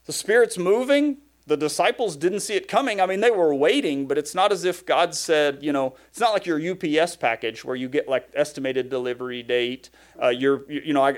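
A pastor delivering a sermon in a somewhat high voice for a man. He talks conversationally, but he keeps hammering his points with short repeated phrases.

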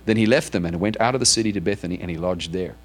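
Racing along in a low voice, a pastor preaches to his congregation, reading scripture out loud and then interrogating it with probing questions.

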